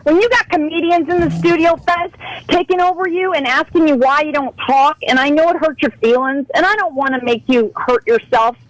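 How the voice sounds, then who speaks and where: A woman's voice: high voice, a little fast, dry recording, rough recording. A woman calling in to a radio show, talking in an impassioned, pleading, profane rant. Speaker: caller.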